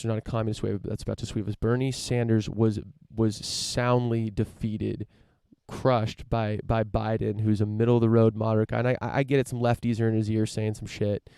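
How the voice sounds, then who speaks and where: A man's voice: lowish voice, little pitch movement, a little fast, creaky, dark tone, smooth, dry recording, clean studio sound. A young man hosting a podcast, rambling through a casual profane rant with lots of restarts and fillers. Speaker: podcast host.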